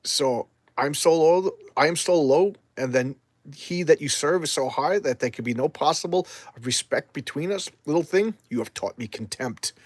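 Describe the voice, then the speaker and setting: A man voicing an ancient, menacing being of darkness in a measured reading. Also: fairly high pitch, dry recording, natural voice.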